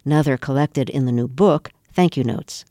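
A woman host running a radio interview, introducing her guest and asking measured questions. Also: extremely low pitch, mellow, no room sound, clean studio sound.

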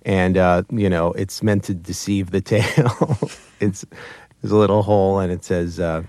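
Lowish guy telling funny stories, laughs a lot, dry close sound. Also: smooth, no room sound. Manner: animated, laughs often mid-sentence, quick restarts. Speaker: puppeteer and show creator. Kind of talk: casual interview storytelling.

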